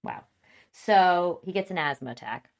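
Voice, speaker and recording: A woman with a fairly low voice chats casually as a podcast co-host. She recaps a TV episode and acts out the scenes with little voices and sound effects. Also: expressive, a little slow, gravelly.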